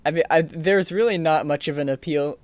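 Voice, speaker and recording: A man's voice: on the high side, brisk, a little mellow, dry recording. A young man co-hosting a podcast, talking in a laid-back, hesitant way with chuckles. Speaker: podcast co-host. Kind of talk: casual chat.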